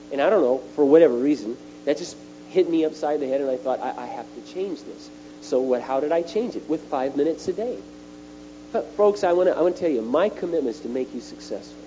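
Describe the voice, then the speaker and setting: Emphatic male preacher, lo-fi with hum. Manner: animated and emphatic, pitch jumping on key words. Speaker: speaker at a retreat. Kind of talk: sermon. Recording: dull lo-fi recording with faint mains hum.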